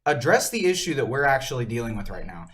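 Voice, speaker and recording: A man co-hosting a church podcast in casual conversation, speaking forcefully and insistently. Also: mid-range voice, very animated, quick pace.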